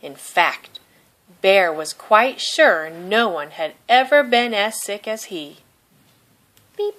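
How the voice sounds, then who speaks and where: A storybook reader with a medium-pitched voice, she narrates a children's picture book aloud in an unhurried, expressive way.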